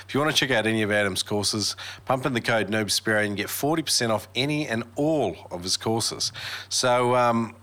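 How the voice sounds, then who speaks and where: A man's voice: mid-range voice, sharp tone. A man hosting a podcast, chatty and upbeat with casual fillers. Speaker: podcast host. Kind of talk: casual podcast intro and ad reads.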